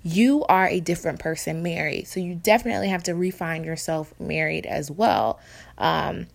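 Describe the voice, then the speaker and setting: Brief: woman, 30s, low creaky voice, candid rambling podcast co-host. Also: moderate pace. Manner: candid, reflective, rambling with restarts. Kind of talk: casual couple's podcast chat.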